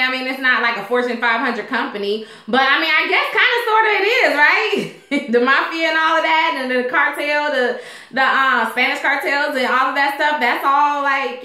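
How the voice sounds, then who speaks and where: Chatty high-voiced woman recapping a show. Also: pushed and bright. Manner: chatty, rambling, fillers like "you know what I'm saying". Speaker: TV show reviewer. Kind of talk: casual TV episode recap. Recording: echoey room.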